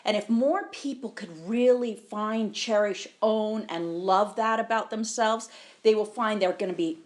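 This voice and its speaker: A woman's voice: medium pitch, measured pace. Emphatic woman podcast co-host. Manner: emphatic, affirming, preachy about self-worth. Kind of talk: casual chat.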